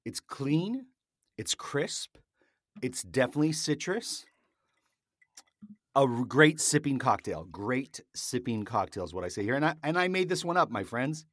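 A man's voice: medium pitch, very animated, moderate pace, a bit bright, no room sound. A man hosting a show, chatting casually while he mixes a cocktail and explains each step. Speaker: cocktail-making host. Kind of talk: casual chat while mixing a drink.

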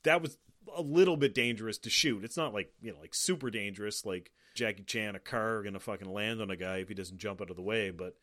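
A man's voice: lowish voice, quick pace, a bit bright. A man in casual film talk, describing shots and lighting in detail with some swearing. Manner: descriptive, profane, lingers on visual details.

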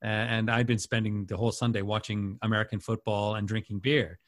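A man's voice: on the low side, brisk. A man in casual conversation as a radio host, telling anecdotes with lots of laughter. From Canada. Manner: animated storyteller, laughs often. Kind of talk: casual chat.

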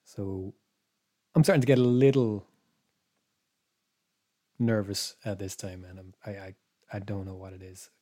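A man's voice: fairly low pitch, steady tone, a little slow, long pauses, dark tone. A man, a podcast co-host telling a story in casual chat, meandering and hesitant, dropping to a whisper for his own thoughts.

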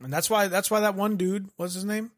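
A man chatting casually about an anime with friends, joking and swearing as he chimes in with quick riffs. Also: high-pitched, fairly even intonation. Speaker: podcast co-host. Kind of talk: casual profane chat.

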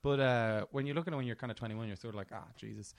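A young man in his twenties chats animatedly, peppering his talk with swearing and quick asides. His voice is mid-pitched, and the recording sounds dry and close. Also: dry recording. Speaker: podcast co-host. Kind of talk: casual chat.

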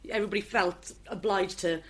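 A woman's voice: mid-range voice, steady tone, brisk, a little hiss or hum. A woman with a Welsh accent chatting casually and rambling, with many ums and restarts. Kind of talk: casual chat.

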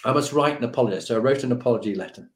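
A man with a mid-range voice races through an anecdote from his army days, acting out the dialogue in different voices and laughing along the way. The recording has a roomy sound.

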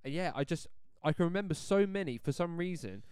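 A man's voice: fairly high pitch, lively intonation, a little fast, darkish tone, clear, resonant tone, no echo. A young man co-hosting a casual football podcast, rambling and easily flustered. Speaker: podcast co-host.

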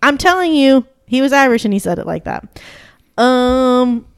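A woman's voice: sits high, expressive, a little slow, smooth, dry recording. Chatty young woman, dry sound. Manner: chatty storyteller, laughs often, filler-heavy. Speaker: podcast co-host. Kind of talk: casual chat.

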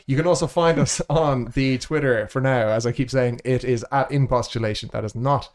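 An Irish man hosts a chatty podcast with a playful, joking manner. His voice sits at a medium pitch and moves easily through the banter. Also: brisk. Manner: jokey, lively banter. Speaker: podcast host. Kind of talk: casual podcast chat.

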